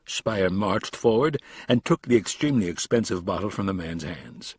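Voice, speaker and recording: A man reading a thriller audiobook in steady, measured scripted narration. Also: low voice, slightly rough, no echo.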